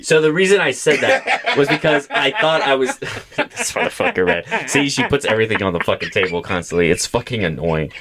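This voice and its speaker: A young man co-hosting a comedy podcast, telling stories in an animated, profane way and acting out the voices of the people he quotes. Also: mid-range voice, a little fast, hardly any pauses, crowd noise. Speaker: podcast co-host. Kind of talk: casual comedic storytelling.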